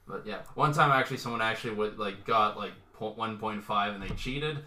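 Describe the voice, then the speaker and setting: A man's voice: on the low side, a little fast, sharp tone, echoey room. A man hosting a casual comedy podcast quiz, talking loosely with lots of fillers and restarts. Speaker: podcast host and quizmaster.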